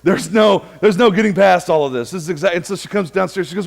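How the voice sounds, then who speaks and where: A man's voice: high voice, fast talker, creaky. A man preaching a casual, conversational sermon in a church, telling funny stories and acting out both sides of the dialogue. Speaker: pastor.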